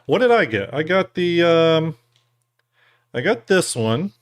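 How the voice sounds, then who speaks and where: A man with a fairly high voice hosts a live stream, speaking slowly on a recording with no room sound. A little tipsy, he chats casually and rambles while eating jelly beans, thanking donors and explaining the giveaways.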